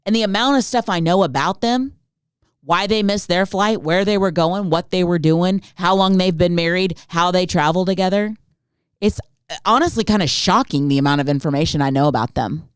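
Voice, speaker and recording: A woman's voice: on the low side, normal speed, smooth, no echo. Woman host, comic storyteller, exasperated ranting, dry close recording. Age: adult, not Gen Z. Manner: exasperated, animated ranting with rhetorical questions. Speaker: podcast host. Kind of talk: comedic storytelling monologue.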